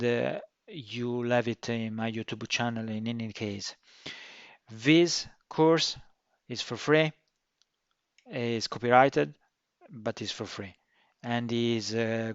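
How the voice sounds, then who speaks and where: A man's voice: mid-range voice, fairly bright tone, no echo. Man teaching. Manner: non-native phrasing with frequent fillers and restarts; says he tries to speak slowly and clearly. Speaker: course instructor. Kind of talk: course introduction lecture. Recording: dry, dull lo-fi recording.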